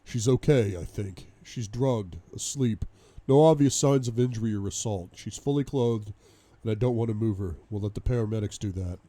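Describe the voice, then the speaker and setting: A firm, commanding male bodyguard, steady and stern, as a man puts him on. His voice sits warm and mellow, in a dry, close-sounding space. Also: lowish voice, moderate pace, no room sound, close to an everyday voice. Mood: calm report.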